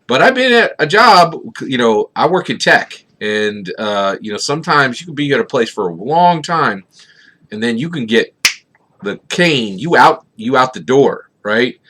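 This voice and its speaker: A man's voice: medium pitch, big pitch swings, a little slow, pushed and bright, a little hiss or hum. A middle-aged man from Philadelphia giving casual vlog commentary, rambling and often tagging his points with "right?". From Philadelphia, USA. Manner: rambling, keeps asking "right?", many fillers. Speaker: tabletop gaming YouTuber.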